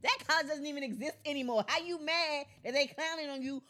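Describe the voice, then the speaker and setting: A woman's voice: high voice, quick pace, bright, forceful tone. A woman co-hosting a podcast, giving blunt, opinionated takes in casual chat. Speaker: podcast co-host.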